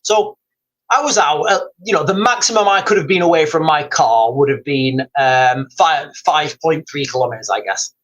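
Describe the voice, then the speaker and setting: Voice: mid-range voice, moderate pace, fairly bright tone, muffled recording. A livestreamer, chatting casually and reading comments aloud, rambling and often calling the audience guys. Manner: rambling, repeatedly addressing viewers as guys. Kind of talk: casual live-stream chat.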